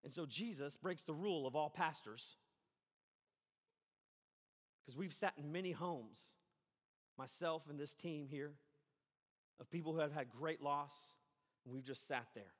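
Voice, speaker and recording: A male pastor preaching with a high, bright and forceful voice. He talks to the congregation in a lively, conversational way and slips into the voices of the people he quotes. His words ring out with the long reverb of a large hall. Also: a little slow, pauses often. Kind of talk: sermon.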